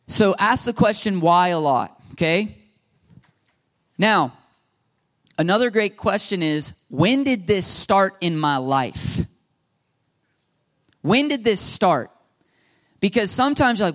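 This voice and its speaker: A man's voice: high-pitched, animated, measured pace, long pauses, a bit bright. A man in his thirties preaching a sermon in a conversational way, repeating himself and laughing now and then. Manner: conversational, repetitive, laughing asides. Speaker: pastor.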